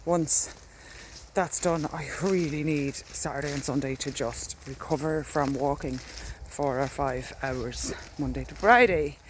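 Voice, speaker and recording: A woman's voice: deep voice, a little slow, slight background noise. Irish woman, candid rambling vlogger on a field walk, faint rural air behind. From Ireland. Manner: chatty, candid, walks while talking. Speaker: dog walker vlogging. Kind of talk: casual rambling diary vlog.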